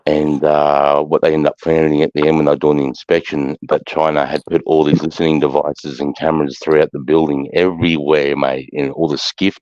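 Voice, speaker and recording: A man's voice: a bass voice, flat delivery, brisk, hardly any pauses, no echo, highs cut off. A man with an Australian accent, ranting in a casual live chat and swearing heavily. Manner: swearing, ranting, heats up into loud outbursts.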